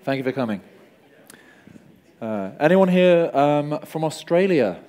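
A man's voice: fairly high pitch, animated, unhurried, long pauses, mellow. A man from Cornwall giving a conference talk in a toned-down Cornish English accent, with self-deprecating jokes and asides. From Cornwall, England. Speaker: conference speaker. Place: conference hall.

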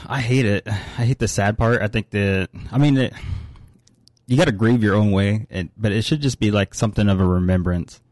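Low-voiced dude chatting on a podcast, dead dry mic, easygoing, swears a lot. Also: male voice, normal speed, a little mellow, dry recording. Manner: laid-back, swearing, joking. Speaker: podcast co-host. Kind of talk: casual chat.

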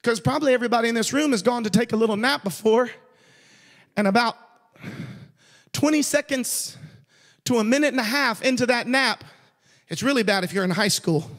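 A man preaching in a church, his voice very high for a man and carried by a long reverb. He tells stories conversationally, then rises to shouted emphasis on key points. An evangelist delivering a sermon. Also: a little fast, long pauses. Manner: storytelling, rising to shouted emphasis. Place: church sanctuary.

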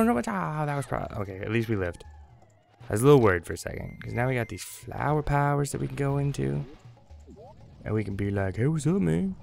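Young man, let's play host, low gravelly voice, rambling jokey gameplay talk. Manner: rambling, jokey, talks to the game. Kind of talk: casual gameplay commentary.

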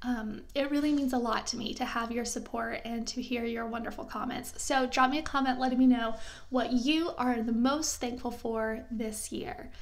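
High-voiced woman vlogger, gently reassuring. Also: fairly even intonation, moderate pace. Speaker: lifestyle vlogger. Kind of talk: heartfelt talk to camera.

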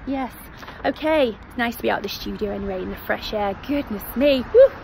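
A woman's voice: fairly high pitch, animated, fairly quick, gravelly, darkish tone. A woman with a Northern English accent, chatting casually as she recommends shows in a vlog, with self-deprecating asides. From North West England. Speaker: theatre vlogger. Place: outdoors by a road. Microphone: phone at arm's length. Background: traffic.

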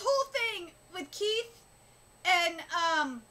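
A woman streamer reacting live, her voice very high and bright. She gushes emotionally and sounds close to tears. Her talk comes in halting bursts full of fillers and restarts. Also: animated, a little hiss or hum, low-quality recording. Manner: emotional, gushing, on the verge of tears.

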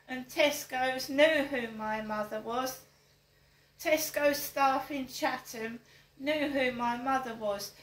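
A woman's voice: a little high, fairly bright tone, roomy sound, low-quality recording. An older woman, talking straight to camera, stressing her points and repeating them as rhetorical questions. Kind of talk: direct-to-camera monologue.

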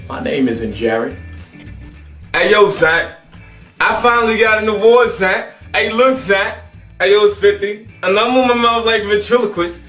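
A comedian doing a playful mock acceptance speech in a comic impression. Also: male voice, sits high, normal speed, sharp tone, soft background music. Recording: echoey room, distant mic.

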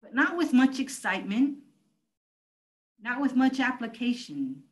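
Lively high-voiced woman preaching. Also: unhurried, rough recording. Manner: emphatic preaching, calls out to the church. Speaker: pastor. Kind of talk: sermon.

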